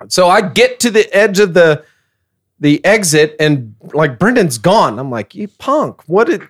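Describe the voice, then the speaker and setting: A middle-aged man spins a story for his podcast co-hosts, his voice sitting a little on the high side. He talks in a casual, animated way and laughs often as he tells it. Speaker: podcast co-host.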